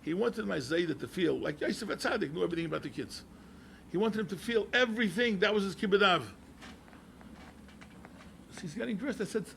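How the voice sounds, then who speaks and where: An older man tells family stories to a crowd. His voice sits high and gravelly, with a bright, pressing edge. He talks in an animated way and repeats his key phrases for weight. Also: fairly quick, long pauses, slight background noise. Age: 70s. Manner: animated, repeats phrases, mixes in Yiddish and Hebrew words. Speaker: rabbi and yeshiva head. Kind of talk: storytelling talk to an audience.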